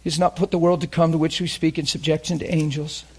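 Fervent preacher man, hushed to loud. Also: on the high side, level tone, fast, husky. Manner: emphatic and questioning, swings from loud to hushed; fervent, openly emotional. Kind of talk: sermon.

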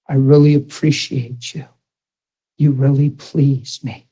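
A man putting on the voice of God in his story, speaking slowly and softly with deep tenderness. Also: flat delivery, husky. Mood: tender. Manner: soft, slow and hushed. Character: God speaking tenderly, a gentle loving male voice.

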